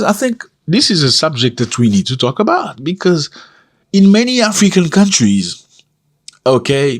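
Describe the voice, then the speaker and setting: A man giving opinionated commentary on a vlog, talking straight to his viewers with lively asides and calling them fellas. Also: medium pitch, slightly rough. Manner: animated, addresses viewers as fellas, frequent asides.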